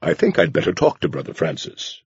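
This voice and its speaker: Man voicing a quiet, murmuring priest. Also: low voice, huge pitch swings, brisk, gravelly, breathy edge, no room sound, muffled recording, heavily acted. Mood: perplexed. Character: quiet, perplexed male priest.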